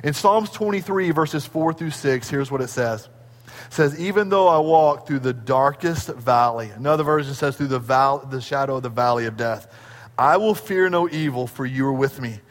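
A middle-aged man preaching a sermon as a pastor, telling stories in an animated way. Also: moderate pace. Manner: animated storytelling, acting out his children in high squeals. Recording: long hall reverb.

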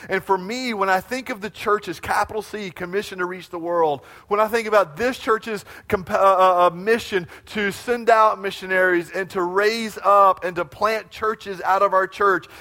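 A man preaching a sermon from the pulpit in a fairly high voice. He is animated and talks straight to the congregation, asking them to say lines back to him. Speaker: pastor.

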